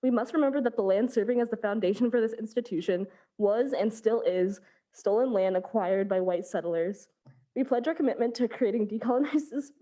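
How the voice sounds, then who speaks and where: Young woman chairing a meeting, mellow voice pitched a little high, reads from a script. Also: low-quality recording. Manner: reads prepared statements, then runs the agenda briskly. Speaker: student senate chair. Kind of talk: presiding over a formal meeting.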